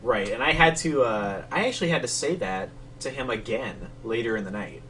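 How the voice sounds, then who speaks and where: A man's voice: mid-range voice, lively intonation, fairly quick, a bit bright, slight background noise. A man co-hosting a casual chat, rambling with many fillers. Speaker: podcast co-host. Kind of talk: casual chat between matches. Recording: distant mic with faint ambience.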